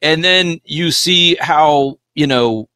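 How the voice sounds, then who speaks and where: A man on a podcast telling a personal story in casual chat, animated and swearing freely. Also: fairly high pitch, slow pace, clear, resonant tone, no echo.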